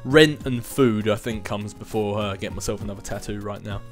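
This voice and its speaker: Faint music plays behind a man speaking a little fast at a fairly low pitch. In his twenties, he answers viewer questions on a casual vlog in loose, rambling chat, with self-deprecating asides.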